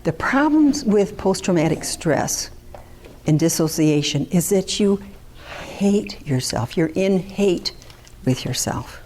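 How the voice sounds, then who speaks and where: An older woman speaking as a therapist before an audience, frank and personal, with quick asides. Her voice sits low and sounds mellow and dark. A faint hiss of noise runs underneath. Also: animated. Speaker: therapist giving a talk. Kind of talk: lecture to an audience.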